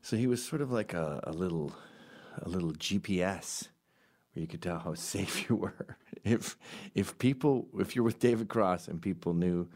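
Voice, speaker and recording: A comedian delivers a rambling, sarcastic monologue at a normal speed, tossing in deadpan asides and leaping into loud, high voices whenever he quotes someone.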